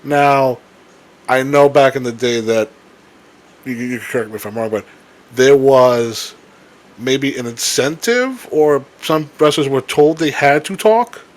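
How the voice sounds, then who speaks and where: Young man, casual co-host talk, rambling restarts, frequent swearing, mid pitch. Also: unhurried. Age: young adult. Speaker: podcast co-host. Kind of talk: casual chat.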